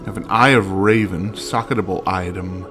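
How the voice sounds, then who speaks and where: A man's voice: low-pitched, fairly even intonation, normal speed, music in the background. A man giving wry, joking running commentary while playing a video game. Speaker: let's play gamer. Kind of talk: casual gameplay commentary.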